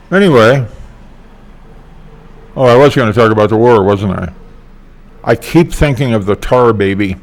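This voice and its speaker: An older man talking in a casual vlog monologue, meandering and hesitant with many fillers. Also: mid-range voice. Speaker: vlogger.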